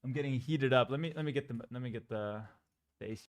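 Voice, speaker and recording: A man's voice: medium pitch, quick pace, no room sound. A man streaming, telling a story in a casual, joking way with exaggerated mock outrage.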